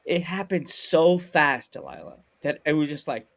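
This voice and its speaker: A man hosting a podcast over a video call, telling stories in a lively way and acting out what people said. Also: fairly high pitch, normal speed, vocal fry. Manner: animated storyteller acting out quotes. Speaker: podcast host. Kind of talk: casual storytelling chat.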